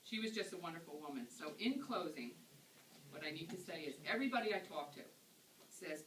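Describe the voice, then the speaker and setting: A woman's voice: on the low side, animated, fairly quick. A woman delivering a funeral eulogy, telling stories in a conversational way. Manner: anecdotal storytelling, conversational. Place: funeral service hall. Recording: echoey room, far from mic, noisy.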